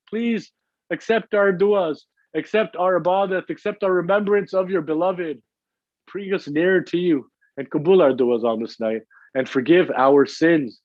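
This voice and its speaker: A man's voice: high-pitched, no room sound. A man giving an emotional religious lecture at a mourning gathering, repeating his phrases and building in intensity. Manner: emotional, repetitive and rising in intensity. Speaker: majlis speaker. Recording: dull lo-fi sound.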